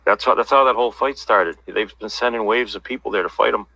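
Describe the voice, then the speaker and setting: A man's voice: fairly low pitch, quick pace, gravelly, bright, forceful tone, dry recording, rough recording. A man talking bluntly and at length as an interview guest, passing on inside gossip in casual livestream chat. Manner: blunt, rambling insider talk.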